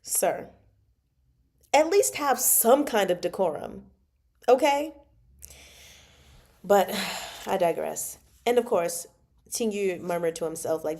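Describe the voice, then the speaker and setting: A woman hosts a casual livestream book chat with an animated, exasperated energy. She laughs often and talks back to the characters, and her voice sits at an ordinary middle pitch. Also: a little slow, long pauses. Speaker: book club host.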